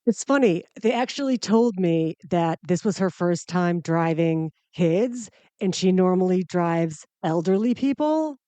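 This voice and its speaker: A woman's voice: on the low side, animated, unhurried, mellow, clean tone, no echo. Woman podcast host doing a comic story, wry and self-mocking, dry close sound.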